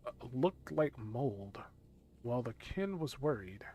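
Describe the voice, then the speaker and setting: A man's voice: mid-range voice, darkish tone, husky, full character voice. A man voicing a weary, grumbling male town guardsman from a game.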